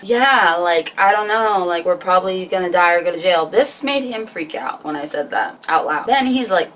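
A woman's voice: medium pitch, animated, moderate pace, a bit bright, far from the mic, slight background noise, poor audio. A young woman in her twenties telling a rambling, profane, self-mocking storytime. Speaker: vlogger. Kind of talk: casual storytime.

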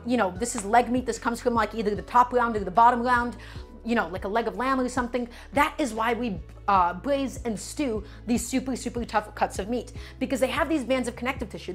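A woman with a slightly high voice hosts a live cooking demonstration from her home kitchen. She talks in a chatty, step-by-step way and keeps turning to her viewers as friends. Soft music plays faintly underneath. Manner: chatty, explains step by step, addresses chat as friends. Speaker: cooking streamer host.

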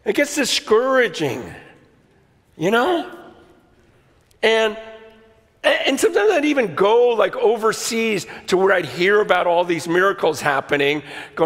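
A man in his fifties preaching a sermon, telling stories with animated restarts and quoted asides. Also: high voice, unhurried, long pauses, in a large hall. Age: 50s. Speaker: pastor.

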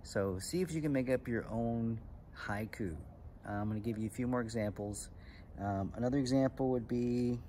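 A man's voice: medium pitch, normal speed, warm tone, slight background noise. A man working as a club instructor, giving a step-by-step lesson to children and explaining patiently with frequent ums. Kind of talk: slow step-by-step lesson for kids.

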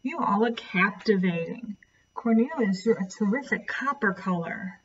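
A woman's voice: mid-range voice, lively intonation, moderate pace, muffled recording, a little hiss or hum, natural voice. A woman voicing a cheerful, brave young female butterfly in a storybook read-aloud. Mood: sweet.

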